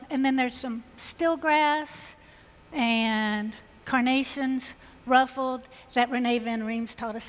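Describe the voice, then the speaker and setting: Woman, Georgia Southern accent, enthusiastic stage demonstrator, slightly high voice, long reverb in a large hall. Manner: chatty, enthusiastic, folksy. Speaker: floral designer presenting on stage. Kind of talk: live stage design demonstration.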